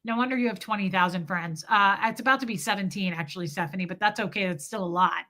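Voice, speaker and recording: Reading out viewer comments as she goes, a weary woman in her forties rambles through a story on a live stream and swears freely. She speaks quickly at a medium pitch, her tone pushed and bright.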